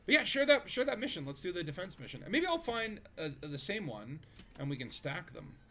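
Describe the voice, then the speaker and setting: A man's voice: high voice, very animated, a little fast, pushed and bright, slight background noise. A man streaming a video game, chatting casually with friends, rambling with fillers and laughing easily. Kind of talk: casual gaming chat.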